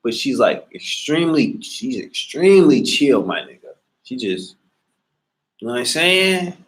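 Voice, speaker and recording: A man in a casual monologue, talking in a slangy, profane, animated way. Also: mid-range voice, a little slow.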